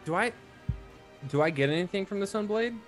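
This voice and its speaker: A man's voice: sits high, animated, brisk, faint music behind. A man playing a tabletop game, animatedly narrating what his character does. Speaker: player.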